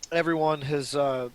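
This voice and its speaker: A man running a tabletop role-playing game, narrating in a relaxed, halting way with frequent pauses and restarts. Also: fairly high pitch, smooth, rough recording. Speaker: game master.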